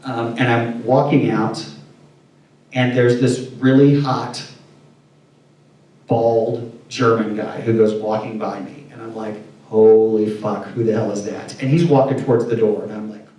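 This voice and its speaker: Recorded from a distance in an echoey room, a medium-pitched man from Indiana, USA, speaks at a measured pace as a casual interview guest. His storytelling is candid and animated, with quotes acted out along the way.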